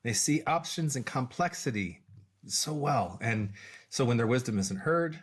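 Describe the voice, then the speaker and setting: A middle-aged man, a podcast co-host and executive coach, explaining ideas in a measured way with many fillers and restarts. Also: medium pitch, animated, husky. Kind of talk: casual explanatory chat.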